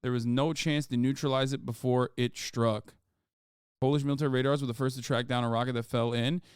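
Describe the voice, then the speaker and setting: A man's voice: medium pitch, steady tone, a little fast, smooth, no room sound, studio quality. A man streaming live, reading news aloud and reacting with profane, exasperated rants.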